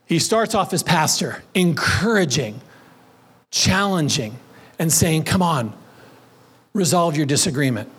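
A man with a fairly high voice preaches a sermon. He reads scripture, plays with words and leads his congregation in call and response. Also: lively intonation, measured pace, pauses often, fairly bright tone, breathy edge. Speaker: pastor.

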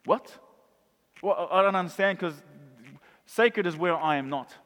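A male pastor preaching a sermon, animated, acting out the voices of Bible figures. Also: high-pitched, unhurried. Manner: animated, acts out voices of crowd and Jesus. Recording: long reverb of a large hall.

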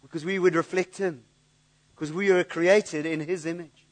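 Church pastor, man, high-pitched voice, earnest sermon delivery with stumbling repeats. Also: fairly even intonation, normal speed. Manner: earnest, repeats words when searching for them.

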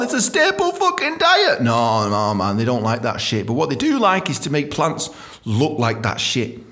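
A man's voice: high voice, fairly bright tone. A male comedian, delivering a sweary, rambling comic monologue.

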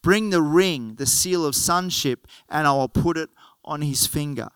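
A pastor doing a gentle old father, soft and reassuring. the voice is bright and clear and dry, with almost no room sound. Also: on the high side, a little slow, dry recording. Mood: tender. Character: loving elderly father welcoming a lost son.

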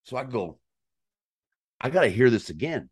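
A man telling a hunting story in casual chat, animated and profane, acting out calls and his own reactions. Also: medium pitch, moderate pace, breathy edge. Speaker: guest storyteller on a hunting podcast.

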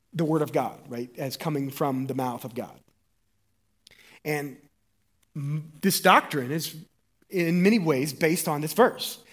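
A man preaches a sermon as pastor, animated and full of jokes, having the congregation repeat words back to him. His voice is on the high side.

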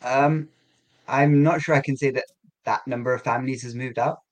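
A man speaking as an interview guest, explaining events in a measured, halting way with frequent fillers and restarts. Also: medium pitch, fairly even intonation, rough recording. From England. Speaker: guest, community coordinator. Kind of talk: conversational interview.

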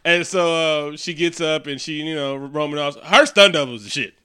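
A man recapping a movie in casual, profane chat, acting out the characters in quick quotes. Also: fairly high pitch, bright, forceful tone, clear, resonant tone. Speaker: co-host.

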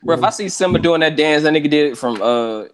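A man's voice: on the high side, expressive, brisk, crowd noise. A man co-hosting a casual podcast chat, blunt and joking, often laughing at his own lines. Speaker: podcast co-host.

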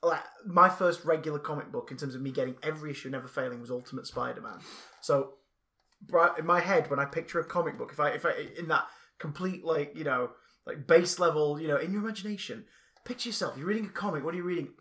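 A man with a bright, fairly high voice, chatting casually as a podcast co-host. He rambles, trails off and restarts his sentences, with lively swings in his delivery. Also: fast talker. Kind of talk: casual comics chat.

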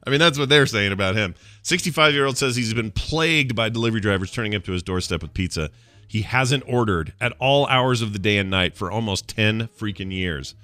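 Podcast host guy, low-ish but bright, really animated, laughs a lot, dry close mic, faint music. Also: a little fast, dry recording. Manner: animated, laughs often, reads news stories aloud. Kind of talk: casual podcast banter.

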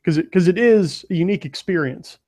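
A man hosting an interview, asking questions in a halting, thoughtful way with restarts. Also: high voice, mellow, dry recording. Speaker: podcast host. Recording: dull dry lo-fi mic.

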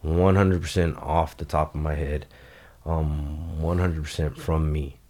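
Deep male guest, loose and profane, tells stories with big swings in energy. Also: unhurried. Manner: loose, profane, animated storytelling. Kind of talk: casual storytelling.

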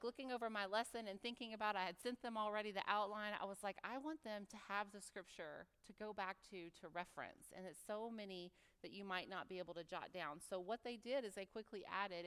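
A woman with a Texas drawl addresses a church women's retreat in a casual, folksy sermon style, full of asides and fillers. Her voice is smooth and resonant. It rings out with long reverb in a large church hall. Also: medium pitch, brisk, few pauses, a bit bright. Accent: Texan.

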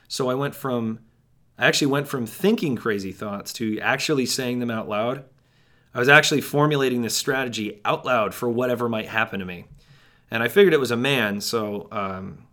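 In a monologue, a man plays a jittery, paranoid young man who narrates in first person, rambling and tossing wry asides to the listener. His voice is medium-pitched, pushed, and bright.

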